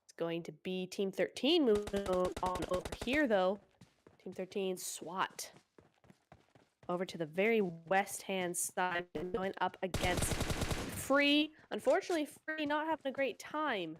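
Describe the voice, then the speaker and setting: A woman casting a mobile shooter tournament live, chatty and quick to exclaim at the action. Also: medium pitch, background noise. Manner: excitable, chatty, exclaims often. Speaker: esports caster. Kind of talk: live play-by-play commentary.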